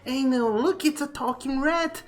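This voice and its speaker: A man voicing a crowd of excited little children in a tabletop game, with high-pitched, shrill, pestering questions. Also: measured pace.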